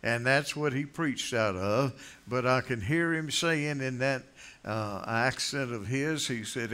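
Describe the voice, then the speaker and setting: An older man preaching in a folksy, rambling way, full of asides and jokes at his listeners' expense. He stops and restarts often and leans on fillers as he thinks aloud. His voice sits at an ordinary middle pitch for a man. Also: takes it slowly, sharp tone, clean tone. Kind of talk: folksy sermon.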